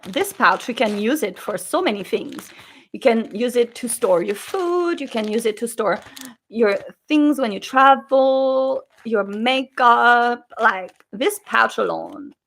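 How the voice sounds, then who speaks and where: A woman vlogger telling a story in a chatty, animated way, acting out the people she quotes. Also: fairly high pitch, creaky.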